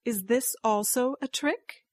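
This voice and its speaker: Woman as a calm, resolute rabbit-spirit wife. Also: a little high, no room sound, studio quality. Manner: calm, measured.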